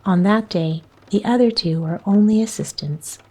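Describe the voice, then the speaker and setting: A woman's voice: mid-range voice, moderate pace, warm tone, lightly acted. A bossy, practical young girl Rosie, as a woman reader puts her on. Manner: firm, commanding, sometimes scornful.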